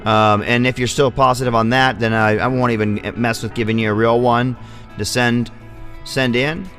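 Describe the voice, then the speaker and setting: A man's voice: medium pitch, steady tone, normal speed, fairly bright tone, soft background music. A man hosting a vlog, telling a long rambling story in casual, profane speech. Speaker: vlog host.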